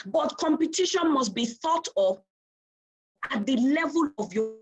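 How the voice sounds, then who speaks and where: A woman's voice: high-pitched, animated, a little slow. A woman giving a talk over a video call, conversational in manner. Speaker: guest speaker.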